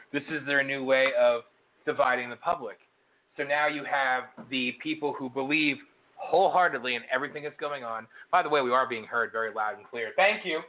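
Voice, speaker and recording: A man's voice: medium pitch, a little hiss or hum. Guy cohost ranting about politics, mid voice, tinny phone sound. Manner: ranting, emphatic lists. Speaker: co-host. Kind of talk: political commentary chat.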